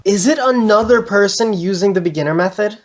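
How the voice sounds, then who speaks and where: A woman hosting a cubing video, giving nervous, excitable running commentary with frequent swearing and laughter. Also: mid-range voice, fairly quick, soft background music. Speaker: speedcubing channel host. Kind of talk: casual vlog commentary while playing. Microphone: GoPro camera.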